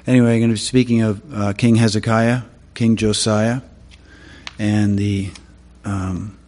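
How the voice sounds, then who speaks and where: A man with a somewhat low voice preaching a sermon, hesitant and casual, full of pauses and restarts. His voice rings out with a long reverb, as in a large hall. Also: little pitch movement, darkish tone. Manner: halting, many fillers and restarts.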